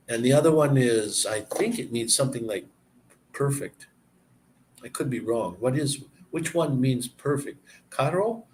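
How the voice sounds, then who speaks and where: A man chatting casually and explaining words, halting and searching for words as he goes. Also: medium pitch, darkish tone, a little hiss or hum. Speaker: person explaining language to a visitor. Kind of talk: casual chat.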